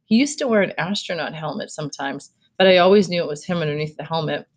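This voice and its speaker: Woman reading a novel aloud, lowish voice. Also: fast. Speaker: read-aloud host.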